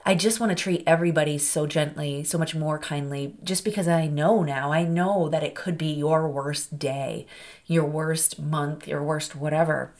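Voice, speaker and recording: A woman's voice: low-pitched, fairly even intonation, normal speed, a little mellow. A woman hosting a podcast, speaking candidly and from the heart in a personal monologue, with a rambling, conversational flow. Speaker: podcast host.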